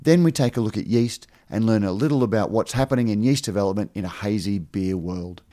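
A man hosting a beer podcast, interviewing a guest at a conference in a relaxed way with filler words. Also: on the low side, brisk. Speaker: podcast host. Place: conference venue.

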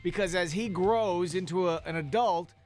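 A man's voice: high voice, moderate pace, a little mellow, faint music behind. A man co-hosting a radio show, teasing his co-host and urging listeners to call or text. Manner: wry, teasing reactions and call-to-action reads. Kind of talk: casual radio banter. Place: radio studio.

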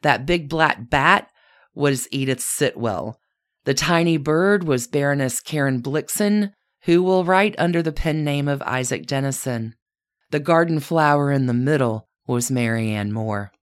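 Narrating a scripted podcast, the female host speaks right to her subject, calling them "you." Her voice is unusually deep for a woman, and her storytelling stays calm and steady.

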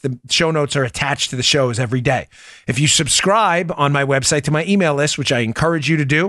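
A man's voice: fairly high pitch, a bit bright, dry recording, studio quality. A man with a New York accent hosting a political podcast, talking in an emphatic, punchy way and reading ads himself. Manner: emphatic, punchy, repeats key points. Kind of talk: opinionated political talk and host-read ad.

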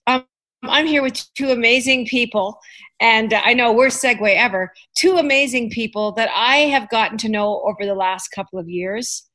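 A woman's voice: on the high side, moderate pace, pushed and bright. Chatty, self-mocking woman host. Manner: chatty, self-deprecating, joking. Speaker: podcast host. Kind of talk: casual interview chat.

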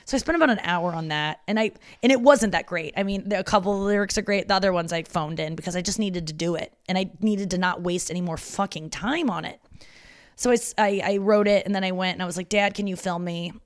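A woman's voice: fairly low pitch, quick pace, dry recording, clean studio sound. A woman in her thirties, a comedian hosting a solo podcast from indoors at her parents' home, talking in a rambling, confessional way with lots of fillers and swearing. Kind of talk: candid solo podcast chat.

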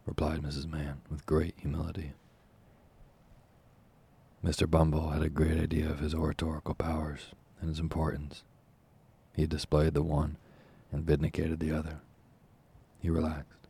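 A man narrating a classic novel as an audiobook in a measured, formal storytelling manner. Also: a bass voice, completely flat delivery, creaky, warm tone, breathy edge.

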